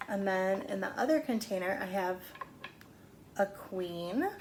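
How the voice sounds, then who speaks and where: Slow, patient woman teaching phonics. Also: mid-range voice, lively intonation, a little hiss or hum. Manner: slow, patient, sounds out words. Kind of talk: phonics lesson for young children.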